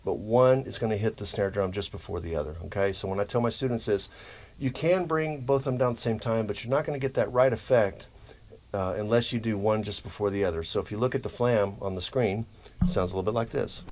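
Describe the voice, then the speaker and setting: A man teaching drum rudiments in a relaxed, explanatory way, often checking in with "okay?". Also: lowish voice, fast talker. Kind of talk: instructional demonstration.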